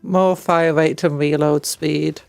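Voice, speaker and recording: A British woman streamer talks through a game at an unhurried pace. She reads the upgrades aloud and drops jokey asides. Her voice has a gravelly fry, and it sits dry and close on the mic over faint music. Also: deep voice, fairly even intonation, darkish tone, no echo. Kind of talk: casual gameplay chat.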